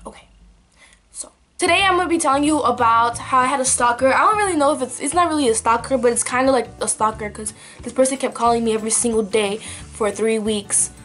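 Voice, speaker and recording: A woman's voice: on the high side, fast, a bit bright. A young woman telling a story to her vlog camera in a chatty, filler-heavy way. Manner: chatty, lots of likes and ums. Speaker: vlogger. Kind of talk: casual story time.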